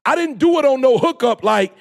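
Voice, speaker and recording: High, gravelly-voiced impassioned male speaker. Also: expressive, fairly quick. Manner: preachy, emphatic, bursts into shouting; slangy, repeats phrases for emphasis. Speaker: motivational speaker. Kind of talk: impassioned motivational talk.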